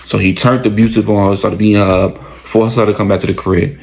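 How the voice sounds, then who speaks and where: Gravelly, lowish male voice, casual slangy storyteller. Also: brisk, poor audio. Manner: slangy, conversational, animated retelling.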